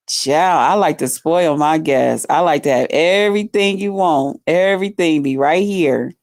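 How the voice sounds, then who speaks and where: Low, slow-talking chatty woman streamer. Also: a little mellow, dry recording, clean studio sound. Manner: chatty, folksy, reads out viewer comments. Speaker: livestream host. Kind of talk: casual live-stream chat.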